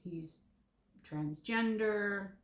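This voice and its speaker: A woman talks over things with her co-host on a stream, speaking in an even middle voice. She weighs her words and hedges a bit. The room around her rings with echo. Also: medium pitch, drawn-out words. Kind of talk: casual live-stream chat. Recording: echoey room.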